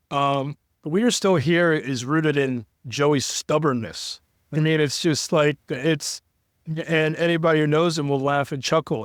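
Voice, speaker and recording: In a dry recording, a man with a mid-range voice, a sports broadcaster from Cincinnati in the United States, opens up as an interview guest. His talk is earnest and long-winded, and he comes close to crying in the candid conversation.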